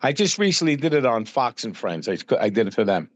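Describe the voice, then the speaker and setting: A man's voice: mid-range voice, very animated, fairly quick, no room sound. A man guesting on a podcast, telling casual anecdotes and acting out the dialogue in them. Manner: acts out dialogue in stories, many fillers.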